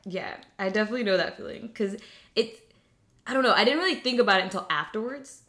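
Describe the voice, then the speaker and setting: A woman's voice: medium pitch, fast, fairly bright tone. A young woman talking casually and reflectively about faith, with many fillers and restarts.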